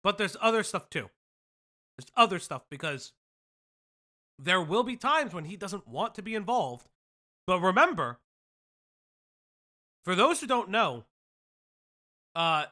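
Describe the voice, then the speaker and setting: Sarcastic stream host, bright lively voice. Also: medium pitch. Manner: sarcastic, pointed, rhetorical taunting; chewing while talking at times. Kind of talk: live-streamed commentary over a played video.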